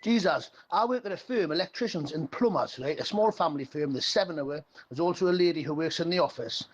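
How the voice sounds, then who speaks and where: Male radio caller, high voice, blunt and ranting, dull phone line. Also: quick pace.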